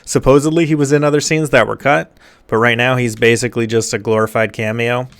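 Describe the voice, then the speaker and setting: A man with a smooth, resonant voice at a middle pitch, dryly summarizing a film scene by scene. His delivery is sarcastic and deadpan, with quick mock impressions of the characters. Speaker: movie reviewer. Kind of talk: comedic movie plot recap.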